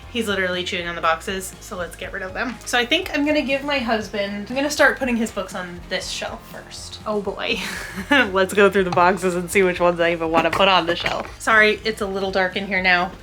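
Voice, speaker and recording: A woman's voice: mid-range voice, fairly quick. A young woman chatting casually as she sorts books at home, scattered and laughing often. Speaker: book vlogger. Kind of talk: casual chat while organizing. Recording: music playing underneath.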